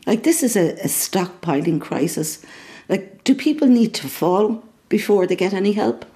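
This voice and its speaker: An older Irish woman, a mother and carer, speaking earnestly in an interview, often pausing with fillers. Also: mid-range voice, lively intonation, dark tone. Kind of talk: emotional interview.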